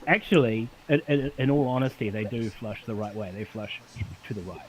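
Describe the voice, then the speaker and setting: A man's voice: medium pitch, fairly quick, slightly rough, low-quality recording. A man with a New Zealand accent in casual group chat, blunt and swearing, with mock outrage.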